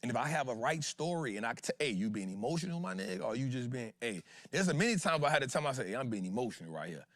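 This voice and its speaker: A man's voice: mid-range voice, big pitch swings, rapid-fire, few pauses, a bit bright, no room sound. Slangy, emphatic man hosting a market show. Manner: slangy, emphatic, repeats rhetorical questions to the audience. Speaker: host of an investing show. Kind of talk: casual livestream market talk.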